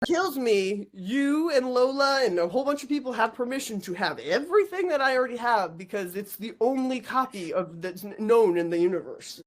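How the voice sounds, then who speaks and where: High-pitched woman host, heated casual chat, swears freely, restarts sentences. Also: expressive. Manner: swears a lot, rambling and heated; quick restarts and stammers. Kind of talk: casual conversation.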